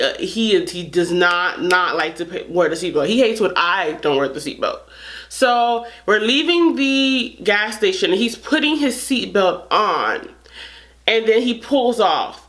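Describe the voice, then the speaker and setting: A woman's voice: medium pitch, a bit bright. Earnest woman vlogger telling a story. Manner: earnest, frustrated, restarts sentences often. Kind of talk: casual storytelling to camera.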